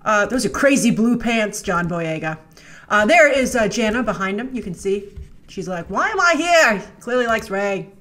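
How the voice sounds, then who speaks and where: A woman's voice: mid-range voice, animated, normal speed, a bit bright. A woman hosting a casual trailer breakdown, chatty and sarcastic, now and then mocking the characters in made-up voices. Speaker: host.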